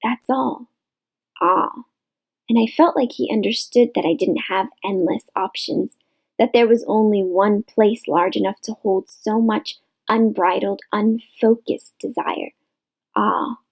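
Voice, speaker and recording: A woman reading a novel aloud in measured literary narration, in a rough home recording. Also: medium pitch, fairly even intonation, rough recording. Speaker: audiobook reader.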